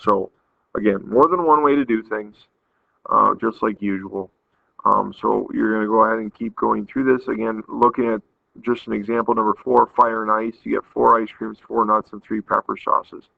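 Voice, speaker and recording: A man's voice: lowish voice, steady tone, moderate pace, gravelly, no echo. A man teaching a math lesson, patiently explaining step by step and counting aloud. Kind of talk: recorded math lesson walkthrough. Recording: tinny phone-like audio, dry.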